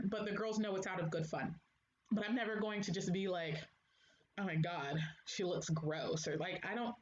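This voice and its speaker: Blunt young woman chatting in echoey room. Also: mid-range voice. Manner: blunt, candid, laughs often. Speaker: livestream host. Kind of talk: casual chat to viewers. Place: home, room with echo. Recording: echoey room, dull lo-fi sound, faint hiss.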